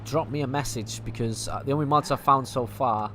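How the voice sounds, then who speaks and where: A man's voice: medium pitch, brisk, sharp tone, a little hiss or hum. A man with a Manchester accent chatting and thinking aloud over a game he plays, casual and a little sweary. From England. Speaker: gaming streamer. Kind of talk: casual gameplay commentary.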